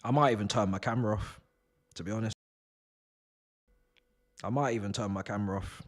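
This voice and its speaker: A man's voice: on the low side, brisk. A young man streaming a live football watch-along from home, ranting and swearing with bursts of laughter. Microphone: desk mic.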